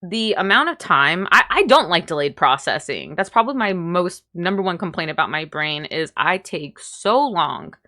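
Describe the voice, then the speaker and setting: A woman's voice: on the low side, expressive, moderate pace, hardly any pauses, bright, forceful tone. A young woman, candidly telling a self-deprecating story about herself and laughing as she goes. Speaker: vlogger. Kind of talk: storytime vlog.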